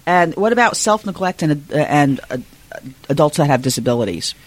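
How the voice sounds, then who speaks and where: A man's voice: on the high side, lively intonation, a little fast. Man asking a brief question. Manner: brief reactions and short questions. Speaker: interviewer.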